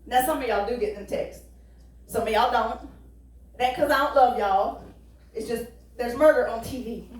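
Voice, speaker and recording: A woman pastor preaching a folksy, joking sermon full of rhetorical questions. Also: high voice. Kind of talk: conversational sermon. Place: church sanctuary. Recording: echoey church hall, distant mic.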